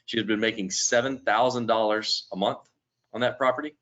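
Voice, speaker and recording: A man presenting in a business webinar, explaining things in a steady, explanatory way. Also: fairly low pitch, fairly quick. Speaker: lending company presenter. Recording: dull lo-fi webinar audio.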